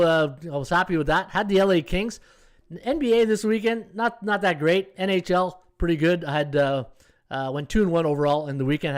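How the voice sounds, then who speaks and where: Chatty man in his fifties, higher voice. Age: 50s. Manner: chatty, tags lines with "right?". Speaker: sports betting podcast host. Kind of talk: casual live-stream commentary.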